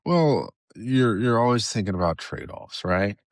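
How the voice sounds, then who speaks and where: Unhurried yet animated, a middle-aged software engineer with a Southern US accent and a voice on the low side speaks as a podcast guest. His casual interview chat is hesitant, full of restarts, and the studio sound is clean with no room sound.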